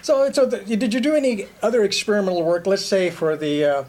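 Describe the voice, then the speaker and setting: A man interviewing in an improvised comedy show, telling rambling, deadpan stories. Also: high voice, a little fast.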